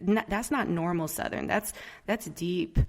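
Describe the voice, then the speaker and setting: A woman co-hosting a casual podcast about new shows, her voice carrying a gravelly fry. She talks in an animated, exclaiming way and acts out other people's lines as she tells stories. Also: on the low side, measured pace. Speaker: podcast co-host. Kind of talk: casual chat.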